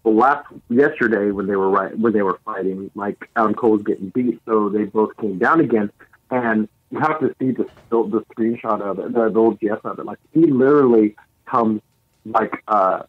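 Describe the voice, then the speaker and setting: A man co-hosting a podcast in casual chat, retelling events in a lively play-by-play way. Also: on the low side, moderate pace, no room sound. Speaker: podcast co-host. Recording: slightly dull lo-fi sound.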